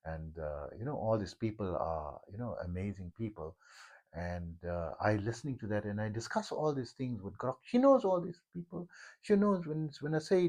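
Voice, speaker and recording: A man's voice: medium pitch, animated, moderate pace, warm tone. A middle-aged man, a yoga teacher, talking in a meandering personal monologue full of fillers and restarts.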